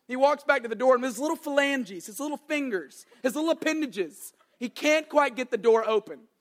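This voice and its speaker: A young adult man preaching a sermon as an animated, joking storyteller. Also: very high voice, fairly quick. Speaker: pastor.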